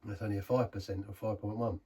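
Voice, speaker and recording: A man's voice: fairly low pitch, level tone, fast, mellow, husky, far from the mic. A man giving a casual, rambling beer review, often stopping and restarting his sentences. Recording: voice set back from the mic.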